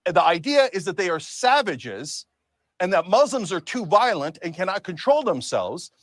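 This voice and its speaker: Man, heated debate guest, high voice, very lively pitch, dry close sound. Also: normal speed, dry recording. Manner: heated, rhetorical, emphatic. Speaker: debate guest in a TV interview clip. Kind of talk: impassioned political argument.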